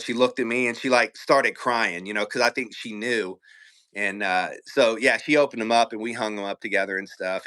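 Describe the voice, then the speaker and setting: Bright-voiced man telling a profane story. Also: mid-range voice. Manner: profane, animated, laughs often. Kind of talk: casual storytelling.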